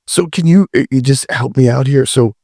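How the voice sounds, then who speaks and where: A man's voice: mid-range voice, fairly quick, creaky, mellow, no echo, clean studio sound. A man hosting a podcast, reacting with amazement and asking follow-up questions. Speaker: podcast host. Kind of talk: casual podcast interview.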